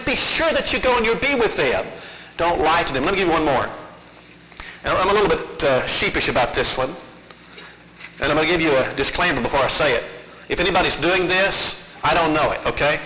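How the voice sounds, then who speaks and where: A man's voice: on the high side, animated, a little fast, bright, forceful tone, a little hiss or hum. A middle-aged man preaching a sermon, telling folksy stories and asking rhetorical questions. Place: church sanctuary. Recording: echoey church hall.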